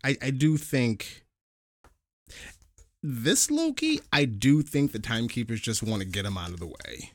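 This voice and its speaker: A man's voice: medium pitch, expressive, normal speed, few pauses, dry recording. A man co-hosting a casual review podcast, skeptical and wry in his asides. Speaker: podcast co-host.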